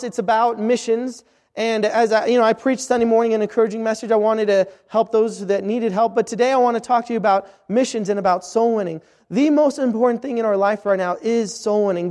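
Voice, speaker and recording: A man's voice: sits high, a little mellow. A man preaching a sermon at a missions conference, earnest, often repeating words as he restarts his phrases. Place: church hall at a missions conference. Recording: reverberant hall.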